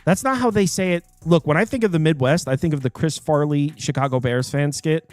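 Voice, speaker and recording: A man's voice: fairly high pitch, fairly quick, dry recording, soft background music. A man hosting a live sports betting show, talking casually, rambling and correcting himself as he jokes with co-hosts. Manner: rambling, self-correcting, joking.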